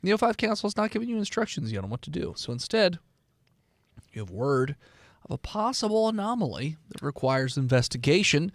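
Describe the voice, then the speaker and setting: A man's voice: on the high side, big pitch swings, a little fast, no echo, studio quality. A man hosting a podcast as game master, narrating the setup between playful banter. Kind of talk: casual chat and game narration.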